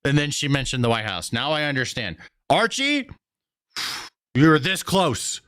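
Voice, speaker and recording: A young adult man hosting a casual stream, reacting to clips in a slangy, excitable way with plenty of swearing. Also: fairly high pitch, normal speed, dry recording, studio quality. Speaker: streamer host. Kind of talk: casual political commentary stream.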